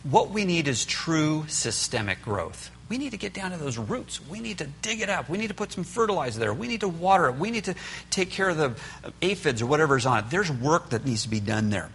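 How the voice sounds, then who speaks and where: A man's voice: on the high side, very animated, brisk, fairly bright tone, a little hiss or hum. A man teaching a church parenting class in an earnest storytelling manner, often acting out what parents and children say. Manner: earnest storytelling, acts out quotes. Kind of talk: sermon-style parenting class.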